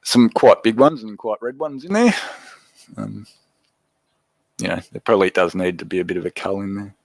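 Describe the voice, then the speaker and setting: Low-voiced Australian man chatting live. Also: moderate pace, gravelly, dry recording, rough recording. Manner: relaxed, chatty, reads and answers viewer comments. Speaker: livestream host. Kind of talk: casual livestream chat with viewers.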